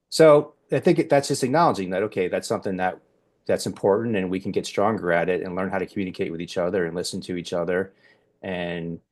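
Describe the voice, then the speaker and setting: A man's voice: deep voice, a little mellow. A man hosting a podcast discussion, talking in a rambling way with many restarts and fillers. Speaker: podcast host. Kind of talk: casual group discussion.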